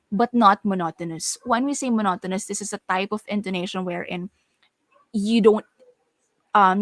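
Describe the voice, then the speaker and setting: A woman giving an online lecture on voice and speaking skills for teachers, speaking with clear, deliberate delivery and stressing her examples. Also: mid-range voice, no echo. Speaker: webinar speaker on voice training for teachers.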